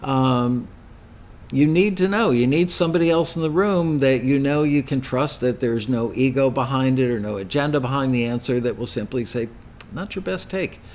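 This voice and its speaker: A man's voice: medium pitch, moderate pace, darkish tone, slight background noise. An older man hosting a live question-and-answer show, answering chat questions with rambling, anecdotal stories. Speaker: host.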